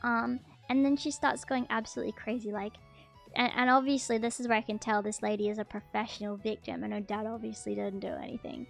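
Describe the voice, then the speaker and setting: A woman's voice: fairly high pitch, flat delivery, fairly quick, creaky, soft background music. A woman telling a story to her stream in a casual, blunt way, swearing freely and filling her talk with ums and likes.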